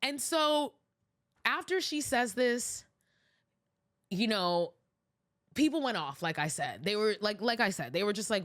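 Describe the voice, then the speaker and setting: A woman's voice: medium pitch, lively intonation, measured pace, pauses often, fairly bright tone, no room sound, clean studio sound. A young woman hosting a podcast, giving blunt, heated and profane commentary with emphatic restarts. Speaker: podcast host. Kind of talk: casual commentary.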